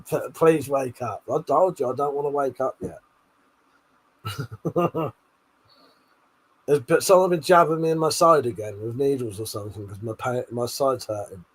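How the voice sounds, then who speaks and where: A man's voice: medium pitch, measured pace, long pauses, a little hiss or hum. A British man hosting a live stream, reading out viewer comments and teasing them, swearing and laughing a lot, a little tipsy. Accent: British English. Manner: laughs often, swears, banters and teases the chat. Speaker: livestream host.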